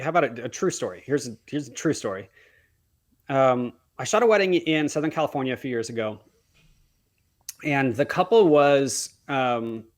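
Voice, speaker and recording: A man, a wedding photographer and podcast guest, telling a story in an earnest way, often restarting and correcting himself and acting out remembered dialogue. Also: medium pitch. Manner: acts out remembered dialogue as he talks.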